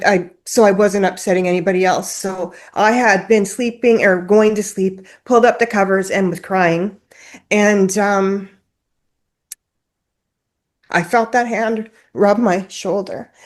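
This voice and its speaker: A woman's voice: medium pitch, fairly even intonation, unhurried. Emotional woman recounting a personal story. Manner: emotional, tearful at times, apologetic; conversational, uses fillers like "like" and "um". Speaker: interview guest.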